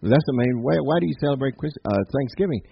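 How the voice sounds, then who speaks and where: A man's voice: mid-range voice, expressive, fast talker, creaky, slightly rough, dry recording, highs cut off. A man preaching a sermon in a church, emphatic and punctuated with frequent amens. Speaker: pastor. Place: church sanctuary.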